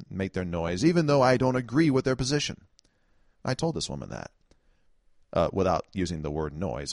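A man's voice: on the low side, no echo, studio quality. A man telling a first-person story in a wry, conversational way, with chuckling asides. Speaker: political commentator.

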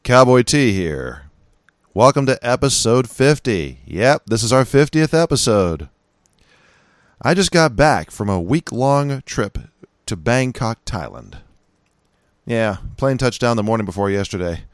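A middle-aged man with a Californian accent hosting his own podcast, talking in a folksy, chatty way with lively emphasis. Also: medium pitch, unhurried, no room sound. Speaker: podcast host. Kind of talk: casual solo podcast talk.

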